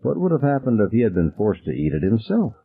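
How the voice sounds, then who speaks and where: A man narrating an audiobook in a dramatic, expressive way. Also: on the low side, fast talker, creaky, slightly rough. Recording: tinny phone-like audio.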